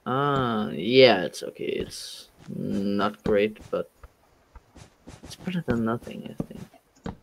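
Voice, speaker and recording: A man's voice: fairly low pitch, takes it slowly, creaky, pauses often, slight background noise. A man chatting casually with a friend while gaming, teasing him bluntly and swearing when annoyed. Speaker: friend playing along.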